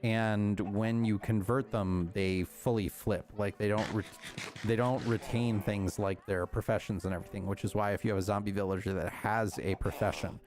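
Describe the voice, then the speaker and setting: A man's voice: on the low side, fairly even intonation, moderate pace, darkish tone, faint music behind. A man streaming a game, chatting casually and rambling to himself with frequent chuckles. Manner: rambling, self-talking, chuckles often. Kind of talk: casual live-stream chat while playing.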